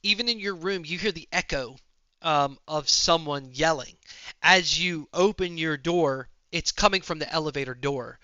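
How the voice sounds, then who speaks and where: A man narrating a tabletop game as game master with quick, low-key descriptions. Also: sharp tone, no echo, muffled recording.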